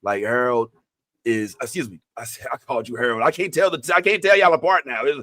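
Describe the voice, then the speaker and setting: A man hosting a casual live show, teasing his guest in an animated, joking way. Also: medium pitch, fairly quick. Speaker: host. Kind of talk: casual chat.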